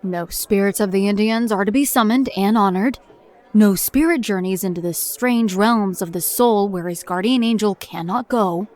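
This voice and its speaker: In an audio drama monologue, an actress plays a hardened middle-aged mother and paranormal agent narrating a recorded report, blunt, grim and dryly humorous, with a weary mood. Her mid-range voice is darkish, lightly acted, at a moderate pace, with a faint crowd behind her.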